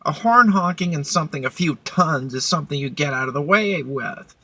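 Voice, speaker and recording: A woman's voice: deep voice, animated, a little fast, bright, forceful tone, breathy edge, no room sound. A woman vlogger telling a work story in a blunt, profane, casual way. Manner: blunt, profane, heated retelling.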